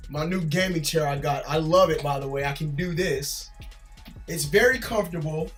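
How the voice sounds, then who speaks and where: A man's voice: a little high, normal speed, soft background music. A man who is an army drill sergeant, vlogging from his gaming chair at home in a loose, chatty way. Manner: loose and chatty, often tags "man" and "bro". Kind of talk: casual reaction vlog.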